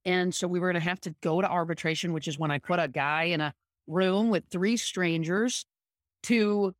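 A fairly low-pitched woman speaks as a podcast guest, driving her points home with punchy repetition. Her voice is recorded dry and close, with no room sound. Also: moderate pace, no echo. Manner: emphatic, repeats key points with punchy delivery. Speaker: guest, sports agent. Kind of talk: conversational storytelling in a podcast interview.

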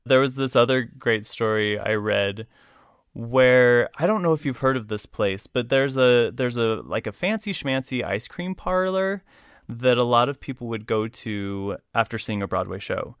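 Man, podcast host, lively storyteller, smooth resonant voice, dry close sound. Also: mid-range voice, moderate pace, dry recording. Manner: animated storyteller who reads aloud from a book. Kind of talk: casual conversational storytelling.

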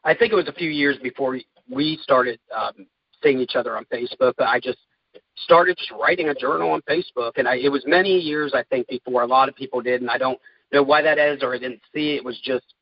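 Halting, heartfelt man, muffled audio. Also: mid-range voice, no echo. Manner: halting, heartfelt, many fillers. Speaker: guest, caregiver. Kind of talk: candid interview talk.

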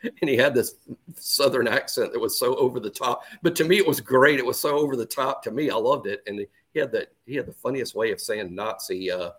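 A man co-hosting a sports podcast in casual chat, talking haltingly and often repeating his words. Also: medium pitch, fairly bright tone, breathy edge.

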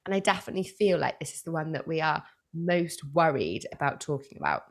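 A woman's voice: deep voice, very animated, fairly quick. A woman hosting a podcast in a casual, chatty way, affirming her guest's points. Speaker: podcast host. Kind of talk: casual chat.

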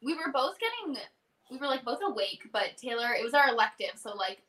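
Animated young woman, higher voice. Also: a little fast, distant mic, crowd noise. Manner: animated storyteller who acts out past exchanges. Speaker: musician in a duo, guest. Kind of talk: casual interview chat.

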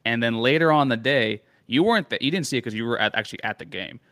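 Young man, sports co-host, quick talker, crisp voice, dry close sound. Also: mid-range voice, a bit bright, no room sound. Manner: fast, casual, lots of "like" and "literally". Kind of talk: casual sports analysis chat.

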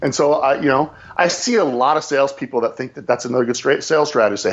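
A man's voice: mid-range voice, brisk, hardly any pauses, lo-fi sound. A man, a sales manager, telling a story in a casual, emphatic way and repeating phrases for effect.

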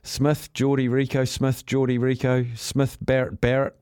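Laid-back New Zealand radio host. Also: male voice, mid-range voice, monotone, normal speed, a little mellow, clean tone, dry recording, clean studio sound. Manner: laid-back, chatty, jokey, reads out text entries. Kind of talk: casual sports talkback. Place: radio studio.

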